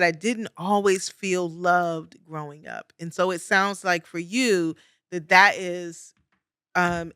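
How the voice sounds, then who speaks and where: A middle-aged woman with a bright, clear voice talks through parenting advice as a podcast host. She repeats key phrases for emphasis and laughs lightly as she goes. The recording is close and dry. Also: on the low side, dry recording. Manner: warm, laughing, emphatic repetition. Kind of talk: conversational coaching monologue.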